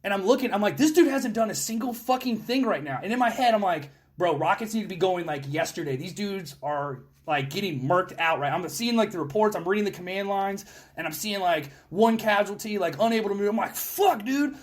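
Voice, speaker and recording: A young man hosting a podcast, telling war stories in casual chat, animated and full of cursing. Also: high-pitched, fairly quick. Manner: animated, profane storytelling. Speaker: podcast host.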